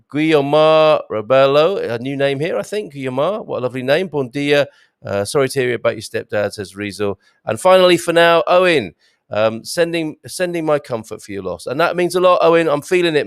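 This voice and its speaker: A man's voice: mid-range voice, smooth, dry recording. A man hosting a live stream, chatting through viewer comments with friendly banter and stumbling restarts.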